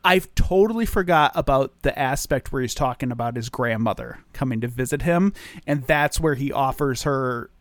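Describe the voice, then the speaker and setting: A man's voice: mid-range voice, moderate pace, no echo, clean studio sound. A man co-hosting a podcast, rambling about a film with many restarts and fillers, sleep deprived. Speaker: podcast co-host. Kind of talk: casual film discussion.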